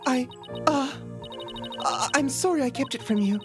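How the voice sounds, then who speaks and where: A woman doing a distraught young bride-to-be in a mystery game, her voice high and trembling with melodrama. She sounds slow and pleading over steady game music.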